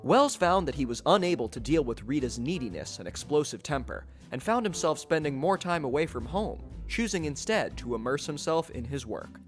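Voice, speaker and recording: A man reads scripted podcast narration in a measured storytelling way. His pitch moves in a lively, animated way, with faint music underneath.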